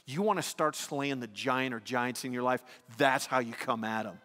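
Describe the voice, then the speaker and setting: A male pastor preaching an animated sermon, swinging between loud exclamations and hushed emphasis. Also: mid-range voice, moderate pace. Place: church sanctuary. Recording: long reverb of a church hall.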